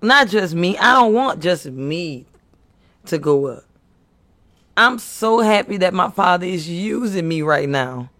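A man's voice: high-pitched, animated, a little slow, bright, forceful tone. A man preaching to his viewers with impassioned, earnest exhortation, pleading and repeating himself. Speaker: faith speaker.

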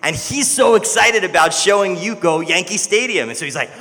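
Bright-voiced young pastor in a reverberant church. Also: male voice, high voice, fairly quick. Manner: conversational storytelling, animated when quoting others. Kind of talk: sermon.

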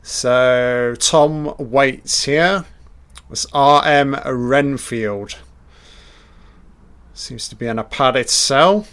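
Slow-talking man giving casual film commentary. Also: mid-range voice, fairly bright tone, clear, resonant tone. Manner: casual, profane, enthusiastic remarks.

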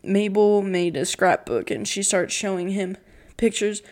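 Teen girl podcaster, slow and rambling, voice quaking near tears. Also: mid-range voice, darkish tone. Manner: emotional, near tears, giggly, rambling with many "like"s. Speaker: podcast host. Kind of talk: casual solo podcast recap.

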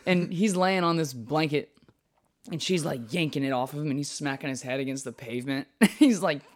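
A young man in casual chat, telling stories in an animated way, full of swearing and filler words. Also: on the high side, moderate pace. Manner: animated storytelling, lots of swearing and "like".

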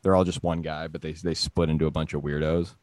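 A man's voice: extremely low pitch, little pitch movement, fast talker, darkish tone, no echo. A man hosting a casual movie podcast, joking and rambling through trivia with friends. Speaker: podcast host.

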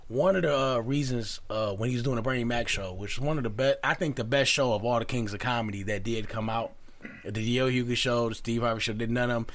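A man co-hosting a podcast, telling an animated story in casual chat with frequent restarts. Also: mid-range voice, quick pace. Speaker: podcast co-host.

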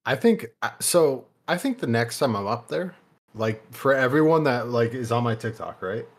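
Young male co-host, mid-pitched, rambling and relaxed, drops casual curses. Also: moderate pace. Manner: rambling, loose, swears casually. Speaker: podcast co-host. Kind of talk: casual podcast chat.

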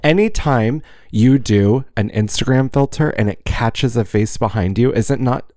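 A man's voice: medium pitch, moderate pace, mellow, no room sound, studio quality. A man co-hosting a podcast in casual chat, campy and playful with dramatic flair, in a small room. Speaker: podcast co-host.

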